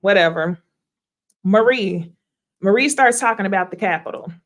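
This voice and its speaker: Blunt, animated woman recapping reality TV. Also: medium pitch, moderate pace. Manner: animated, blunt and profane, laughs often. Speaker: host.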